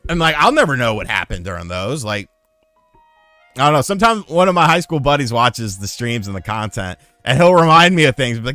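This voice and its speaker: A man's voice: medium pitch, brisk, no room sound, soft background music. A man streaming live, telling rambling, profane stories in casual chat. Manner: profane, rambling, animated storyteller. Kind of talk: casual storytelling on a livestream.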